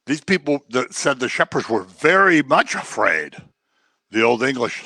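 Guy preaching, bouncy pitch, bright dry sound, acts out the voices. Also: normal speed, no echo. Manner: animated, acts out quoted voices. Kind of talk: sermon.

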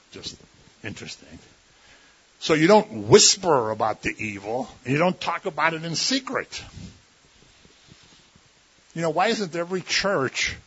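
A man's voice: medium pitch, sharp tone, husky. A man preaching a sermon in a conversational, folksy way, often slipping into mimicked voices. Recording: dull lo-fi recording.

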